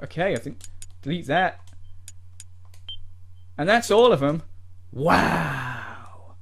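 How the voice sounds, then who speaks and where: A man's voice: on the high side, big pitch swings, slow, breathy edge, exaggerated voice. A man doing a parody rant as a smug, whiny male gamer YouTuber who sneers and swears at his fans. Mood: petulant.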